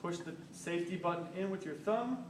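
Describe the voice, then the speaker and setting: Heavy background noise surrounds a young man's high-pitched, fairly quick voice as he casually demonstrates band saw safety, moving around the machine in a school workshop. As the shop safety instructor, he talks informally, often saying "basically" and "rule of thumb". The sound comes from a camera microphone at a distance and is roomy.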